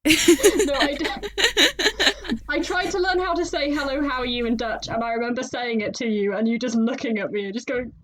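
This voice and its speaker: A woman's voice: high-pitched, moderate pace. A woman co-hosting a writing podcast in casual chat, laughing often. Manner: laughs often, chatty and animated. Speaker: podcast co-host.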